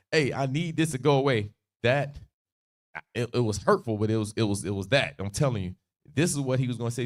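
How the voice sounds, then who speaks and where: A man teaching a Bible passage on a livestream, in a casual, slangy way, laughing easily and acting out the quotes. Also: lowish voice.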